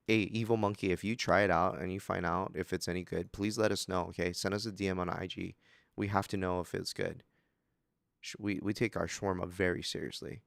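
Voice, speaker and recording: A man from Hawaii, co-hosting a casual chat in a relaxed, joking way. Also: sits low, brisk, vocal fry, dry recording, studio quality. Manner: laid-back, says dude a lot, laughs easily. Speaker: podcast co-host.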